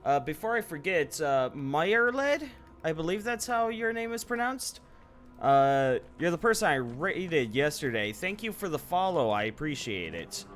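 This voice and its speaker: A man's voice: fairly high pitch, sing-song, moderate pace, soft background music. A man chatting casually while streaming a video game live, swearing freely and muttering asides to himself. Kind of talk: casual live gameplay chat.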